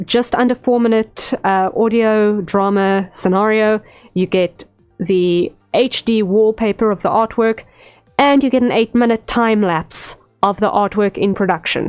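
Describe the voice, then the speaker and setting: A woman streamer and VTuber artist chats casually while drawing, her medium-pitched, slightly mellow voice unhurried and rambling, full of "um" fillers. Faint stream music plays in the background.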